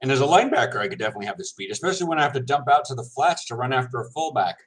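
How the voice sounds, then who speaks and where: A man's voice: medium pitch, expressive, rapid-fire, fairly bright tone, rough recording. Rambling laughing man chatting casually. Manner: rambling, laughs often, self-correcting. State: mouth full. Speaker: semi-pro football linebacker vlogger. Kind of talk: casual chat to viewers.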